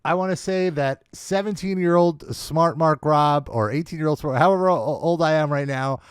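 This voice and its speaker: A man co-hosting a wrestling review podcast in casual chat, excitable and acting out the crowd's reactions. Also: a little high, normal speed, clear, resonant tone, no echo, studio quality. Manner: excitable, acts out quoted reactions. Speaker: podcast co-host.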